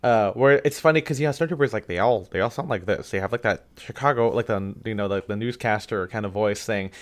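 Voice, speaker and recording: A man co-hosting a podcast in casual chat, rambling and animated, dropping quick asides and quoting movie lines. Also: fairly low pitch. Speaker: podcast co-host.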